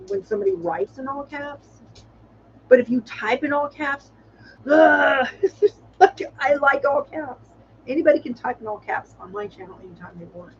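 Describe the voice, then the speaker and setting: A woman with a slightly high voice hosts her own channel's livestream, rambling chattily with frequent laughs and exclamations. The highs are cut off and there's a little background noise.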